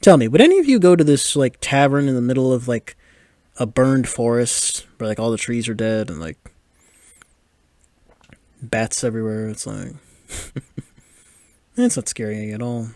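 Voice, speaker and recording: A man's voice: mid-range voice, animated, a little slow, long pauses, mellow, no room sound. Laid-back twenty-something guy doing a movie commentary podcast, laughing a lot, dry close mic. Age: 20s. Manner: chatty, laughing, filler-heavy. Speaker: podcast host.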